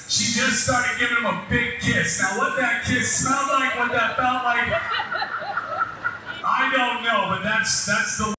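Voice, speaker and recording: A man's voice: very high-pitched, distant mic. Joking man announcing into an echoey hall. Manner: joking, hawking bids with quick banter. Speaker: event announcer and auctioneer. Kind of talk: lively event announcing and joking.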